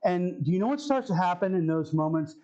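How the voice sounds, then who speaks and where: Male pastor, high voice, casual preaching style that repeats key lines. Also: animated, a little fast, warm tone, dull audio. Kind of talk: sermon. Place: church sanctuary.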